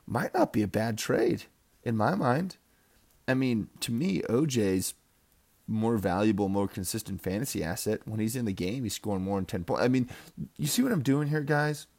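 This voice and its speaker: A man's voice: fairly low pitch, moderate pace, vocal fry, darkish tone. A young man giving a casual, rambling fantasy football recap, full of trash talk and laughter. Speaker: fantasy football league member.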